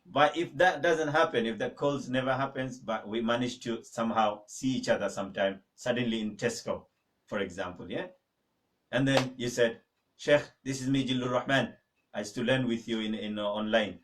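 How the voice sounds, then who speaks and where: A man teaching an online Arabic lesson, drilling words slowly with students and urging them to practise. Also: medium pitch. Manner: emphatic, exhorting. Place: mosque teaching room. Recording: voice a little far from the mic.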